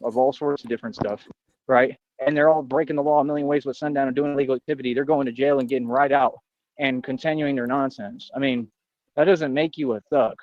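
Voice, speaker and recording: A man rattles off a brash, confrontational rant at a quick clip, bragging and jumping from one grievance to the next. His voice is close and dry with no room around it. The stream audio sounds dull and lo-fi. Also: mid-range voice, fairly even intonation, no room sound. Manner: boastful, confrontational, rambling. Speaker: livestreamer. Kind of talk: ranting monologue on a livestream.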